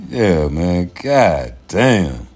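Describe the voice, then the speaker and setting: A man with a lowish voice holds forth on his own livestream, swearing freely and laughing between points. He talks straight to his viewers in a loose, rambling rant. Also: breathy edge. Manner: profane, animated, laughs often. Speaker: livestream host.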